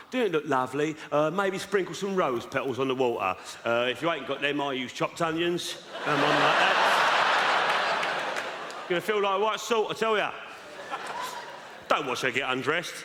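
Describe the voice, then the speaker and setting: A man's voice: a little high, pushed and bright. A man playing a vain, boastful South London lad with a South London accent, giving dating tips chattily on a live stage. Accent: South London Cockney. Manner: boastful, chatty, keeps checking "right?". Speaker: stand-up character. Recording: echoey live theatre with audience noise.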